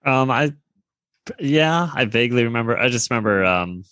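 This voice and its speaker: A man's voice: medium pitch, animated, normal speed, sharp tone, no echo. Hesitant man, dry sound. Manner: hesitant, brief replies. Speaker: podcast co-host. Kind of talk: casual podcast chat.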